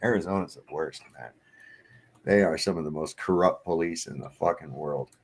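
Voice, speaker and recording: A man's voice: a bass voice, moderate pace. A man from Virginia hosting a livestream, telling casual stories with lots of swearing and laughter. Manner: profane storyteller, laughs often. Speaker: livestream host. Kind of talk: casual chat. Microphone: home streaming setup.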